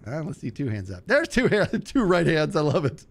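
Animated man telling a story while gaming. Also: normal speed, vocal fry. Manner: animated, acts out quotes in a higher voice, laughs often. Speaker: streamer.

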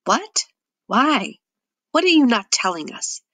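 A woman reading an audiobook, voicing a suspicious, angry young male guard who demands answers by shouting. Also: fairly high pitch, very animated, moderate pace, creaky, no echo, voice pushed up, full character voice.

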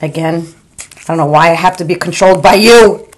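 A woman's voice: on the low side, brisk. A woman in her forties or fifties, a beauty vlogger in a casual makeup review at home, chatty and calling her viewers "girl", with stammering repeats. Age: 40s or 50s. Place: home room.

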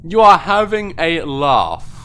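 A man giving excitable live commentary on his own gameplay, quick to get worked up and swear at other players. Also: a little high, clear, resonant tone. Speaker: gaming video host.

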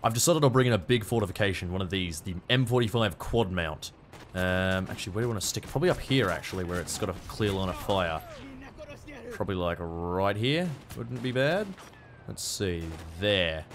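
Excitable Australian man gaming. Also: lowish voice, a little fast, faint music behind. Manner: excitable, swears and yelps at the action. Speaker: gaming YouTuber. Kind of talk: let's-play commentary.

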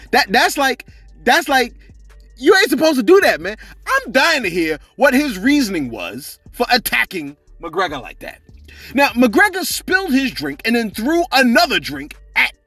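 Lively high-voiced man gossiping. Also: unhurried, breathy edge, no room sound, faint music behind. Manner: animated, laughing, repeats "you see what I'm saying". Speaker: celebrity gossip channel host. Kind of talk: casual gossip commentary.

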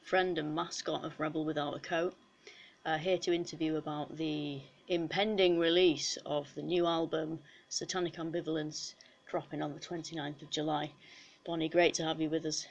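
A woman hosting a mock interview, speaking quietly and deadpan. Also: low-pitched, moderate pace, creaky. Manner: soft-spoken, quiet, deadpan. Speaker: host and musician.

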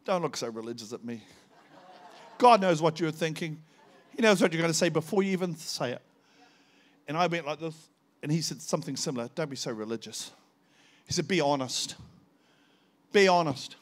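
A man's voice: a little high, a little fast, pauses often. An older man, a visiting preacher telling a personal testimony in a sermon and acting out the dialogue. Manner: animated storytelling, acting out dialogue.

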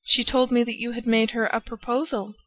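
A woman's voice: a little high, level tone, a little fast, fairly bright tone, lightly acted. A woman voicing a bewildered, lovesick young nobleman in an audiobook, earnest and troubled. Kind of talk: audiobook character voice.

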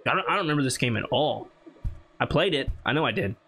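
A man's voice: mid-range voice, animated, fast, vocal fry, fairly bright tone, faint music behind. Jumpy man narrating a horror game. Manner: jumpy, talks to himself, squeals when scared. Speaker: gaming YouTuber. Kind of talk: horror game let's play commentary.

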